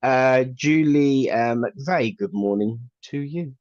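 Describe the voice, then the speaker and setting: A man's voice: mid-range voice, slow, a little mellow, dry recording. A man co-hosting a live morning chat show, joking and laughing often and sometimes slipping into a radio-DJ delivery. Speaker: co-host of a live psychic show. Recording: dull lo-fi, dry sound.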